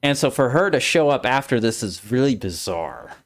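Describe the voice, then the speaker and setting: A man hosting a casual game discussion, explaining the story in an animated way and acting out the characters. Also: medium pitch, normal speed. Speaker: streamer and host.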